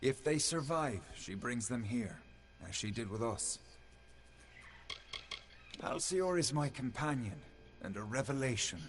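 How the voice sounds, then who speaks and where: A man's voice: mid-range voice, lively intonation, measured pace, long pauses, slight background noise, natural voice. An actor voicing an ancient male fae guardian in a game, speaking in a formal, stately way. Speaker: quest giver. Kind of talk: game dialogue.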